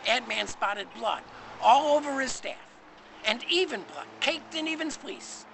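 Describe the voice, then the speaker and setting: A man's voice: very high voice, animated, measured pace, vocal fry, fairly bright tone. A man telling a poetic story in a dramatic, swooping, word-playing way, recorded with noise behind.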